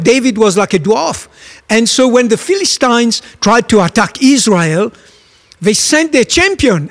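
A man's voice: high voice, long reverb tail. A man preaching a sermon, telling a story emphatically and asking his listeners questions.

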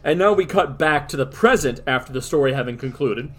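A man's voice: medium pitch, lively intonation, brisk. A man co-hosting a podcast in casual chat, chatty and guiding the discussion. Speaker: podcast co-host.

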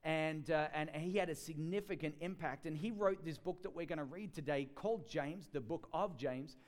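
A man's voice: a little high, moderate pace. A man preaching a sermon in a chatty storytelling way, with many fillers and restarts.

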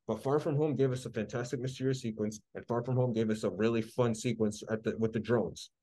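A man's voice: medium pitch, steady tone, a little fast, dark tone. A man co-hosting a podcast, ranting in a heated, sarcastic way during casual chat. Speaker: podcast co-host.

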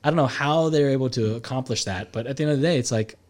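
A young American man chatting on a podcast, telling travel stories in an animated way and acting out the people he quotes. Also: medium pitch, quick pace. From United States. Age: young adult. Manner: animated storyteller who acts out quoted people. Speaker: podcast guest. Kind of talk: casual chat.

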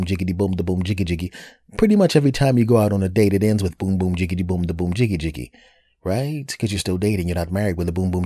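Low-voiced man telling a dating story. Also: no room sound, studio quality. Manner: animated, crude, joking, sound-effect scatting. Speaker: podcast host. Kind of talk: casual storytelling monologue.

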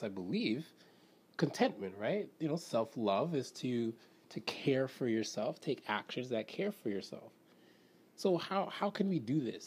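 A Canadian podcast host with a husky, darkish, medium-pitched voice muses through a casual solo talk on self-help. He rambles, using many fillers, asking himself questions, and acting out quotes from friends.

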